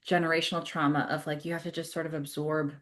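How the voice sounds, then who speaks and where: Low-pitched, flat and a bit bright, this California therapist talks fast as a podcast guest. The conversation is casual; she's reflective, quick to laugh and leans on lots of filler words.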